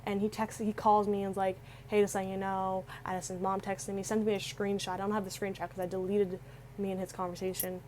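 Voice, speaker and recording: Teenage girl, rambling storytime, lots of "like", medium pitch, faint hiss behind. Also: flat delivery, fairly quick, a little mellow, poor audio. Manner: rambling, heavy use of "like", many restarts. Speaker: vlogger. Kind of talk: casual storytime.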